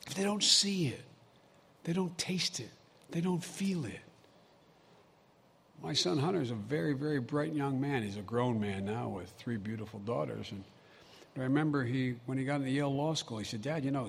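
A man's voice: medium pitch, gravelly. An older man giving a folksy, emphatic public speech full of personal stories. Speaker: vice president giving a speech. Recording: long hall reverb, faint ambient noise.

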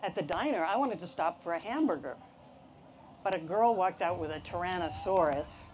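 A woman reading a children's picture book aloud, with expressive narration and asides about the pictures. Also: fairly low pitch, moderate pace, a little hiss or hum. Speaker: storybook reader.

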